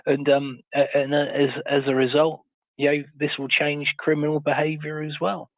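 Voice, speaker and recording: A man hosts a live audio chat, working through his points slowly with lots of fillers and rhetorical questions. His voice comes through thin and phone-like. The sound is dry and close. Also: on the high side, monotone, dry recording. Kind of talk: casual live audio discussion.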